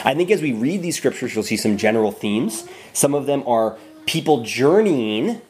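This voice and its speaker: A man leads an informal Bible study for a small group in a room, speaking in a relaxed, conversational way and often restarting his phrases. His voice is medium-pitched and his pace normal.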